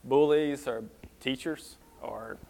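A man's voice: medium pitch, takes it slowly, gravelly, warm tone. A man preaching a sermon, talking through scripture in a plain, conversational way with some fillers. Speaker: pastor. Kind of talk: sermon teaching.

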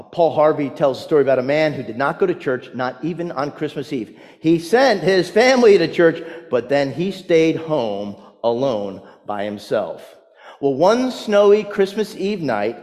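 A man's voice: on the high side, darkish tone. A man, a pastor, preaching a sermon and telling stories with rising emphasis. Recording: long hall reverb.

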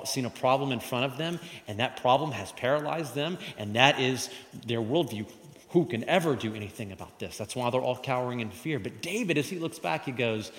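Preaching man in a reverberant hall. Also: medium pitch. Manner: animated, calls the congregation to repeat lines. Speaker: pastor. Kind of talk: sermon. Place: church hall with congregation. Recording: long reverb of a large hall.

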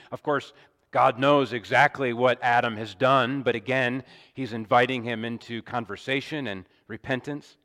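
A man preaching an expository sermon in a measured, deliberate way, with emphatic rises and small restarts. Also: medium pitch, fairly even intonation, fairly bright tone. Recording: long hall reverb.

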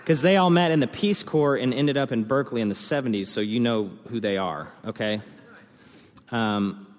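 A young man preaching a sermon as a pastor, telling a story with lively energy and acting out the voices of the people in it. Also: medium pitch, moderate pace. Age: young adult. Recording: long hall reverb.

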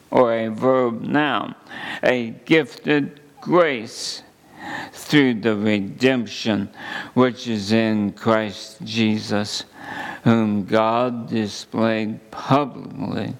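A man preaching a sermon, reading scripture slowly and deliberately with emphatic pauses. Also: lowish voice, vocal fry. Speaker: pastor.

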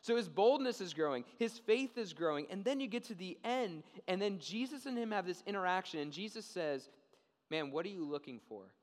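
A young man preaching a sermon, telling a story in a casual, animated way and often checking in with "okay?". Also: sits high, brisk, hardly any pauses. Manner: animated storytelling, acts out quoted voices. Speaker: pastor. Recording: long reverb of a large hall.

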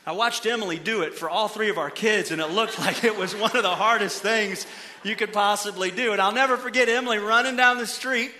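A middle-aged male pastor giving an animated sermon in a church, moving between quiet emphasis and loud bursts. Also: sits high, fairly quick, a little hiss or hum. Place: church auditorium.

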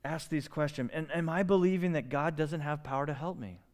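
A man's voice: on the high side, a little fast. A middle-aged male pastor delivering a sermon, pleading and impassioned, with many rhetorical questions.

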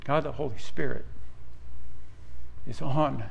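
A man's voice: slow, gravelly, slight background noise. A middle-aged man preaching a sermon as a pastor, mixing conversational personal stories with fervent, rising emphasis. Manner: rises to fervent, high-pitched emphasis at key points.

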